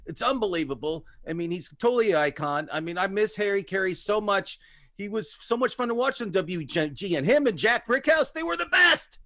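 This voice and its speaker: High-voiced, emphatic male co-host. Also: expressive, brisk, bright, forceful tone, no echo, clean studio sound. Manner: emphatic, enthusiastic. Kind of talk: casual interview chat.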